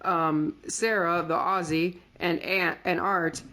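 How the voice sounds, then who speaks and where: Casual woman co-host lower register, chatty and playful. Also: steady tone, slow, pushed and bright. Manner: chatty, lots of fillers, quotes characters in playful voices. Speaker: podcast co-host. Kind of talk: casual recap chat.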